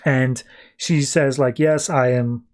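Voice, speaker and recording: A man hosting a podcast, casually retelling a comic book story, quoting characters in quick offhand voices and talking loosely with fillers. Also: medium pitch, steady tone, a little mellow. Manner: loose, filler-heavy delivery with "like" and "uh". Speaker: podcast host.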